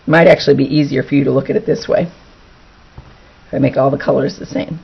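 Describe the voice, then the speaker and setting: A woman's voice: extremely low pitch, fairly even intonation, fast talker, creaky, slightly rough. A woman teaching a quilting lesson, talking through each step as she works and repeating words for emphasis. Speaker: quilting instructor. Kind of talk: hands-on sewing demonstration. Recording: dull lo-fi recording.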